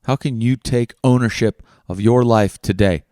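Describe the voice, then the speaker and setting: A man delivers an earnest self-help monologue as a podcast host, coaching the listener with question after question and swearing casually. His voice is smooth and resonant at an ordinary pitch. The sound is dry and close. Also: normal speed, mellow, dry recording.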